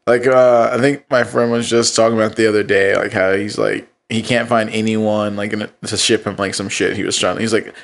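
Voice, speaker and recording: A man in casual chat, using lots of slang and casual swearing and reacting quickly to his friend. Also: lowish voice, flat delivery, creaky.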